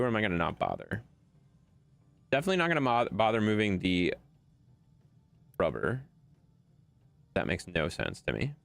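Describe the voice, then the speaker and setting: A male game streamer from Wisconsin chats with his viewers while playing, blunt, swearing freely and arguing with chat. His animated voice swings widely in pitch, sounding gravelly with no echo.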